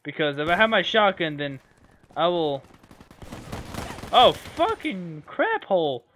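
High, excitable gamer guy yelling. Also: slow pace, slight background noise. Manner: excitable, swears and yells at opponents; stumbles over words. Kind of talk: live gameplay commentary. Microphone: computer microphone.

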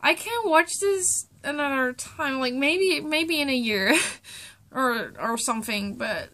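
A young woman on a reaction vlog, choked up and tearful, talking in halting, broken sentences that trail off, with plenty of swearing. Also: high-pitched, expressive, sharp tone. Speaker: vlogger.

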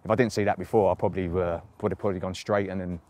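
A man's voice: sits low, fairly even intonation, very fast, a little mellow. A man, a footballer reminiscing in a casual interview, rambling with lots of fillers and laughs. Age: 30s.

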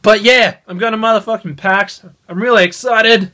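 A young man vlogging into a phone held at arm's length, excited and swearing a lot. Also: high voice, normal speed. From Australia. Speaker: gaming channel host. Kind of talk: casual vlog.

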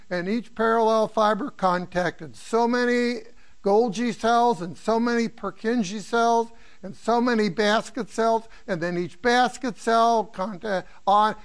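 Older male professor from the Midwest, higher-pitched voice, chatty review lecture full of asides. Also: fairly bright tone, smooth. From American Midwest. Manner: rambling, anecdotal, asks students questions. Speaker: neuroanatomy professor. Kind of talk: informal exam review lecture.

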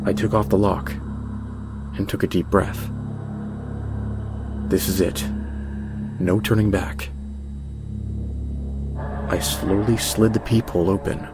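A man narrating a horror story in a measured, tense way over background music. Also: lowish voice, steady tone. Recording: music bed under voice.

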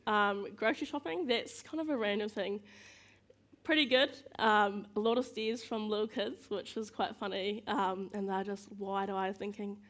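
A chatty woman, speaking at a middle pitch in a relaxed, storytelling way. She pokes fun at herself, laughs often, and slips into quick voices for the people in her stories. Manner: acts out other people's lines in quick voices. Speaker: guest speaker. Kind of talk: casual storytelling speech.

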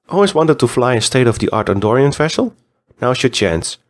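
A man hosting a podcast and reading a news segment in an even, read-aloud way. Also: mid-range voice. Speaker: podcast host.

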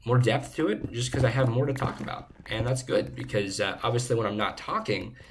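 A young man hosting a gaming channel, chatting casually and rambling playfully while he plays, recorded on a low-quality home microphone. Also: lively intonation, fairly quick, a little hiss or hum. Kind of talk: casual chat while playing. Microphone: low-quality desk microphone.

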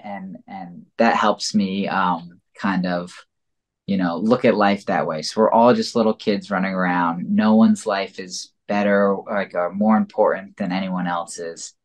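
Low-voiced man, rambling and reflective. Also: steady tone, measured pace. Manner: rambling and reflective, heavy use of "like" and "you know". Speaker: podcast guest. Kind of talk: casual conversational interview.

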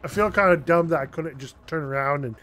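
A man commenting on his own horror game playthrough, exasperated and swearing often as he yells at the game. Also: fairly high pitch, a little fast, slight background noise. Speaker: gameplay commentator. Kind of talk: let's play commentary.

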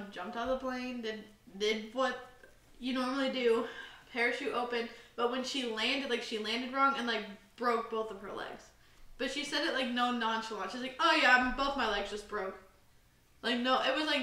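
Young woman, casual podcast chat, higher voice, lots of fillers, echoey room. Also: fairly even intonation, a little slow, pushed and bright. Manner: rambling, filler-heavy storytelling. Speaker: podcast co-host. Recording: roomy, slightly distant mic.

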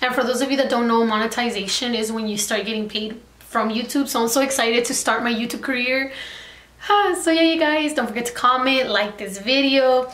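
A woman's voice: fairly high pitch, a little fast. A young woman vlogger telling a storytime in a chatty way, full of "like" fillers. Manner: chatty, heavy filler "like", animated retelling. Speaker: makeup artist and beauty vlogger. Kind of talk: casual storytime chat. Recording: echoey room.

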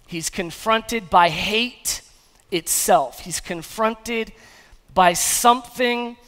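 A male pastor preaching a lively sermon in church, acting out the crowd's reactions and building to rousing repeated questions. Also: sits high. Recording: long church-hall reverb.

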